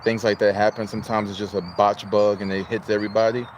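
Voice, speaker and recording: A fast-talking man from Illinois, USA, runs a casual livestream where he chats, welcomes viewers, and reads out what they type in chat. His voice is on the low side with a level tone, and there's a faint hiss or hum.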